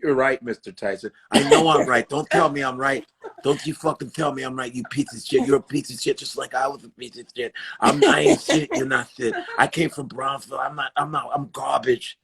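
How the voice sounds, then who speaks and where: A man playing a menacing heavyweight boxer who rants, insults and threatens in a comic impression on a live stream, his pitch dropped below his usual voice. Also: sing-song, fairly quick, gravelly, a bit bright, breathy edge, exaggerated voice. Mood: menacing ranting. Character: menacing ranting heavyweight boxer, volatile and profane.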